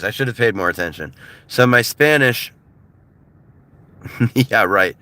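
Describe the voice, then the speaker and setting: Bright-voiced American man chatting loosely. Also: medium pitch, normal speed. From United States. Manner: loose and laughing, filler-heavy, mimics voices for comedy. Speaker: livestreamer. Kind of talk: casual rambling chat. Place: in a car.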